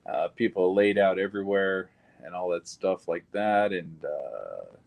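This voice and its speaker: Low-voiced man giving a blunt witness account. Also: lively intonation, measured pace, creaky, darkish tone, low-quality recording. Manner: blunt, plain-spoken retelling with occasional swearing. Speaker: shooting survivor giving a statement. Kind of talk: recorded witness interview.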